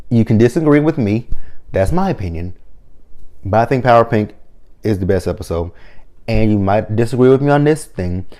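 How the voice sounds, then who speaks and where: A man giving casual, excited fan commentary as a vlogger, rambling and getting himself hyped up. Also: on the low side. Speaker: vlogger ranking team-up episodes.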